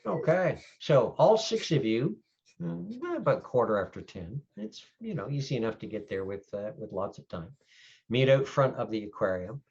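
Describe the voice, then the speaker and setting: List: man, storyteller, tabletop narration, relaxed, many fillers, dull audio. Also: medium pitch, normal speed, vocal fry, slight background noise.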